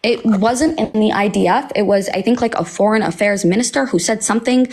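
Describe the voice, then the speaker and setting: Woman guest in a heated debate, insistent, talks fast. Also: medium pitch, darkish tone. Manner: insistent, argumentative.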